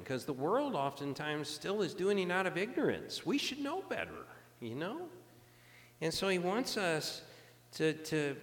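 A man's voice: a little high, a bit bright, in a large hall. A man preaching a sermon in an earnest, conversational way, often restarting his phrases. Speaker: pastor.

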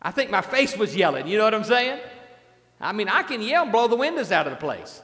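A man's voice: sits high, sing-song, fairly quick, pushed and bright, in a large hall. A man preaching a sermon as a pastor, in a conversational way, often repeating his words and asking the congregation questions.

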